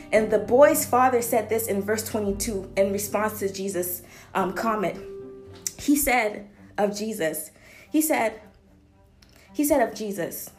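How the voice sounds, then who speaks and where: A woman preaching a sermon with emphasis, repeating phrases to drive her points home. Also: medium pitch.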